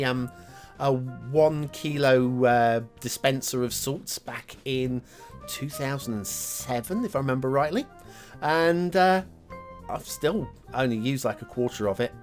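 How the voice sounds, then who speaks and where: A man hosting a game map review show, talking casually over gameplay with lots of fillers and wry asides. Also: mid-range voice. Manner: chatty, rambling, many fillers and self-deprecating asides.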